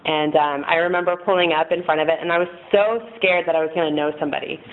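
A woman's voice: deep voice, steady tone, fast. A woman in her thirties giving a frank, rambling personal testimony to a group in a meeting room, often laughing at herself. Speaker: speaker sharing at a recovery meeting. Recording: tinny phone-like recording, faint noise.

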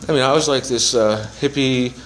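A man's voice: medium pitch, fairly even intonation, normal speed, a little hiss or hum, poor audio. A man in his seventies giving a personal testimony to a recovery meeting, rambling through his story with profanity and self-mocking humor. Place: meeting room with a small audience.

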